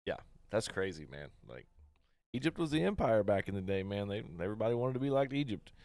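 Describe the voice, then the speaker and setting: Man, Midwestern accent, very low voice, casual podcast co-host, cussing, dry close mic. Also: big pitch swings, fast, darkish tone, no room sound. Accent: Midwestern American. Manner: reads history facts casually, swears freely.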